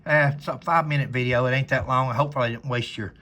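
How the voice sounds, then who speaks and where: A man's voice: medium pitch, fairly even intonation, fast talker, bright, forceful tone. A man, a former police officer, telling a rambling, folksy story in casual conversation to camera.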